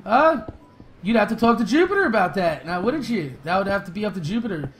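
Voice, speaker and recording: A young man hosting a gaming channel, telling stories and answering viewer questions in loose, profane, laughing chat that flares into excited shouts during fights. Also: sits high, a little fast, faint music behind, poor audio. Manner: loose, profane storytelling with frequent laughs and fillers. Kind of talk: casual gameplay commentary with viewer Q&A.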